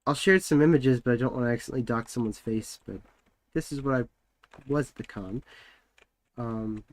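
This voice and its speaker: A man's voice: mid-range voice, a little fast. A young man streaming from home, chatting casually and rambling with lots of filler words while he works.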